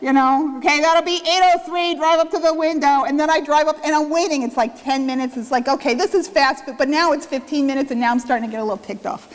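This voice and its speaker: A woman's voice: sits high, quick pace, hardly any pauses. A woman pastor giving a sermon, telling a self-mocking story and acting out the quotes. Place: church. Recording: church hall reverb.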